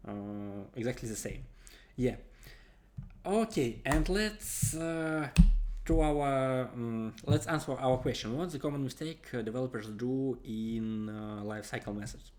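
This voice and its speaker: Slow, halting man explaining code. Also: mid-range voice, a little mellow, slight background noise. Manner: halting, frequent hesitations while typing code. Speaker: coding tutorial host. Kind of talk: screen-recorded coding tutorial. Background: keyboard typing and clicks.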